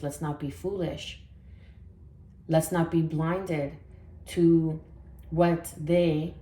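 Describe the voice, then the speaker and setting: Woman tarot reader from Canada, low mellow voice, rambling soft delivery, echoey room. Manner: soft, meandering, with many fillers and affirmations. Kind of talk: spiritual tarot reading.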